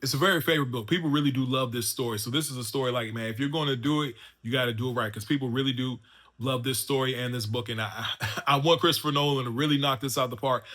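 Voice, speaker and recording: A man's voice: medium pitch, fast talker, fairly bright tone. A man hosting a casual spoken movie review, talking loosely with lots of fillers and restarts. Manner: loose and chatty, full of fillers and restarts like "man" and "you know what I'm saying". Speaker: movie reviewer and channel host.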